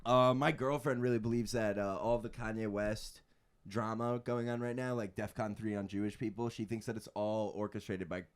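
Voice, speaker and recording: A man's voice: fairly low pitch, fairly even intonation, moderate pace, smooth. Joking young man on a comedy podcast. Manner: crude, joking, puts on mock accents. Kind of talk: casual comedy chat.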